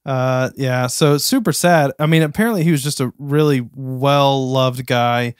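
A man's voice: medium pitch, unhurried, clear, resonant tone, dry recording, clean studio sound. A man from Florida co-hosting a podcast, telling news stories in a hesitant, filler-heavy way. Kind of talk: casual chat.

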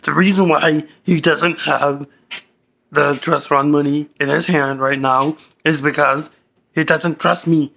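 Brief: man as a short-fused, crude young guy, gravelly and bright, slow drawl. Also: on the high side, steady tone, slight background noise. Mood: grumbling. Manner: cursing, insulting, short-tempered. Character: angry young man, crude, hot-tempered. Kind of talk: comedy skit.

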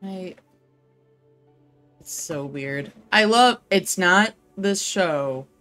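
A woman's voice: lowish voice, lively intonation, drawn-out words, a bit bright, faint music behind. A woman player in a tabletop game, chatting casually and hesitantly with many fillers. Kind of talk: casual chat.

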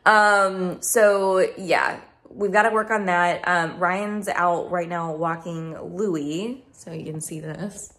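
A woman's voice: on the low side, steady tone, slow pace, a bit bright. A young woman chatting casually in a home vlog, rambling with fillers as she talks through moving into a house. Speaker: vlogger. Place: house being moved into.

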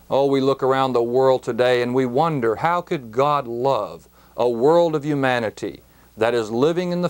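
A man teaching a Bible study in a measured, emphatic way, speaking straight to the listener. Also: mid-range voice, a little mellow. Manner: slow, measured, emphatic phrasing; addresses the listener directly.

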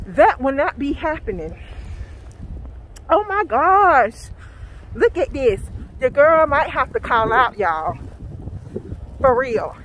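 A high-pitched Southern American woman vlogging on her phone outside in the snow. Her voice swoops up and down as she exclaims and calls out to her viewers, and her delivery stays slow and drawn out. Faint wind noise sits behind her. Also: fairly bright tone, low-quality recording. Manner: exclaiming and dramatic, calling out to viewers. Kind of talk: casual vlog, talking to camera.

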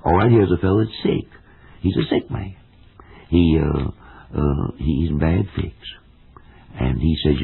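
An older Southern American preacher with a very deep, gravelly, raspy voice delivers an old-time radio sermon. He talks in a folksy, emphatic way. The sound is thin and tinny, like a vintage radio broadcast. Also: measured pace, long pauses. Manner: folksy, emphatic, with plain homespun examples. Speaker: evangelist preacher.

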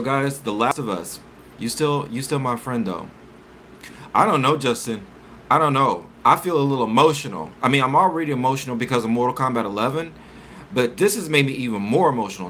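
A man's voice: medium pitch, a bit bright, a little hiss or hum. A man hosting a casual live stream, chatting with viewers and reading articles aloud with stumbles and self-corrections.

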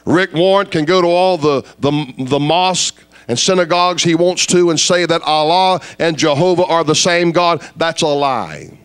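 A man preaching a fiery evangelistic sermon, dropping to low intensity then rising to loud, high shouts. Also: moderate pace, clear, resonant tone, faint music behind.

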